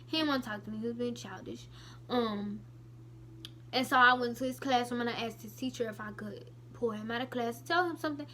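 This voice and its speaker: A young woman vlogger telling a personal story to her viewers in a casual, emotional, animated way with many asides. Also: a little high, fairly quick, a little hiss or hum.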